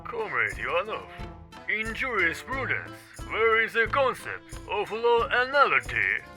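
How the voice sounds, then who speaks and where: A man voicing grumpy elderly male Soviet officials on the phone, raspy and indignant, in an audiobook with faint music. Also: high voice, wildly swooping pitch, unhurried, pushed and bright, pitched above the performer's own voice, exaggerated voice, low-quality recording. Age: older. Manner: indignant, scolding. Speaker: multi-voice audiobook character. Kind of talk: audiobook character voice.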